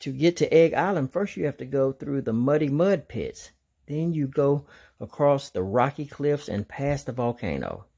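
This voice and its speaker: A man's voice: mid-range voice, sing-song, moderate pace, vocal fry, warm tone, breathy edge, full character voice. A man voicing a talking map in a children's storybook, rattling off directions. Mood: instructive.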